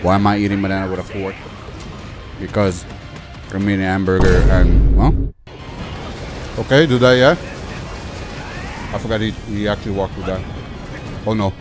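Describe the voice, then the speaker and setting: Low-voiced young man narrating gameplay. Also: fairly even intonation, moderate pace, long pauses, over music. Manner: chatty, easily frustrated, swears mildly. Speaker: gaming youtuber. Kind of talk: casual gameplay commentary.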